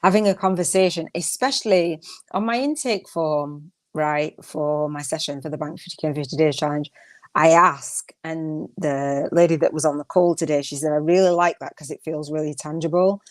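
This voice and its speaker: A woman's voice: low voice, moderate pace. An older woman hosting a solo coaching podcast, chatty and emphatic, often repeating her phrases and laughing as she talks. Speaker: podcast host.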